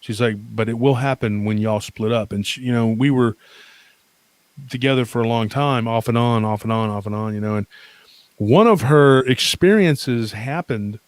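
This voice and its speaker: Animated rambling man telling a story. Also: mid-range voice, normal speed, dry recording. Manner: rambling, animated, lots of fillers and restarts. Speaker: guest. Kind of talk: casual storytelling on a podcast.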